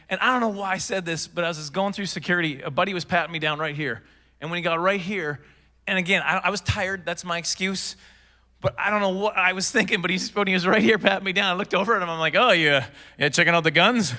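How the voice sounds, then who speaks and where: A man from Canada tells rambling, self-deprecating stories in a stand-up set, stumbling and restarting. His voice sits high and sounds bright and forceful. He is performing on stage for a live crowd. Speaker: stand-up comedian. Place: stage before a live audience.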